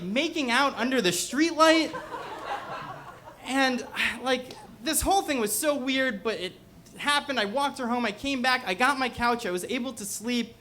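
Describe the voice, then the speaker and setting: A man's voice: very high voice, animated, moderate pace, noisy background. A young man telling a personal story on stage to a live audience, in a casual, rambling way full of "like" fillers. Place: bookstore event before a live audience.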